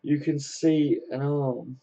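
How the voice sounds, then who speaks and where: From home, a livestream host reads out viewer comments and chats amiably, addressing everyone as mate. He speaks slowly in a mid-range, mellow, gravelly voice with fairly even intonation.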